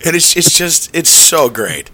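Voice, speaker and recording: Bright-voiced rambling podcast host man. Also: a little high, big pitch swings, unhurried. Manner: rambling, sarcastic, laughing asides. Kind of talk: casual podcast chat.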